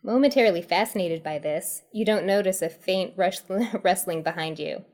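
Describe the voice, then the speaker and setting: A woman's voice: on the low side, moderate pace, darkish tone. A woman hosting and reading a choose-your-path horror comedy tale aloud, who often breaks into giggles as she reads. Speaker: storyteller host.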